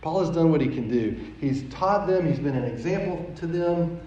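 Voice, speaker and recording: Pastor preaching in an echoey church. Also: male voice, on the high side, lively intonation, normal speed, warm tone. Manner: conversational, repeats words as he goes. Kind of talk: storytelling sermon. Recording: echoey, dull sound from a distant mic.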